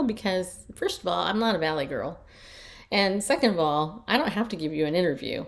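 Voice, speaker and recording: A woman's voice: fairly low pitch, lively intonation, fairly quick. A middle-aged woman life coach telling personal stories in a chatty, casual way, often repeating herself as she restarts. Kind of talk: casual storytelling talk.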